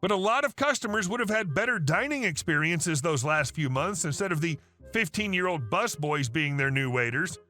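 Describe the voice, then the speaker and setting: A man's voice: on the high side, animated, normal speed, bright, forceful tone. A man narrating online stories in a casual, wry storytelling tone. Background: faint music.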